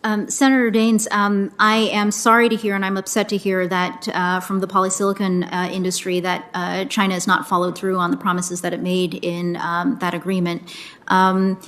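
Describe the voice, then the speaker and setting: A woman testifying as a nominee at a confirmation hearing, answering slowly with many fillers. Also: medium pitch, little pitch movement, fairly bright tone. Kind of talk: formal testimony.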